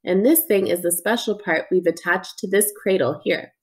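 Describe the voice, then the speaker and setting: A woman's voice: on the low side, normal speed, slightly rough. Laid-back joking doctor guy, woman reading him, reassuring and playful. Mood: easygoing. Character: friendly joking male ear doctor, middle-aged.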